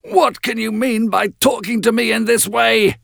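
Man playing a tormented brooding master, strained raised voice, slow, lively pitch, dry. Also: creaky, no room sound, heavily acted. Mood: harsh. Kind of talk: storybook reading.

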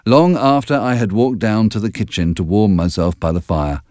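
A man narrating an audiobook in an expressive, measured storytelling manner. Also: fairly low pitch, dry recording, studio quality.

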